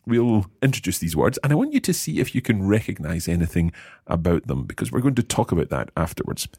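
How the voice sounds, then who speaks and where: Deep-voiced man teaching, patient. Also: very animated, mellow, husky, no room sound, clean studio sound. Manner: patient, encouraging, slows down to repeat phrases. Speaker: language course host. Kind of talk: teaching Italian phrases.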